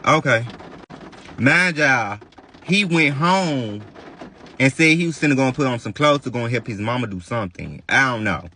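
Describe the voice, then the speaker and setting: A man telling a dramatic storytime to viewers, animated and profane, talking straight to his audience. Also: medium pitch, normal speed, a little hiss or hum. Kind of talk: storytime vlog addressing viewers.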